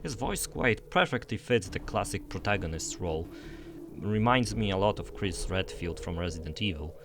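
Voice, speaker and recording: A man's voice: fairly low pitch, lively intonation, moderate pace, noisy background. A young man narrating a scripted game review voice-over in an enthusiastic, conversational way.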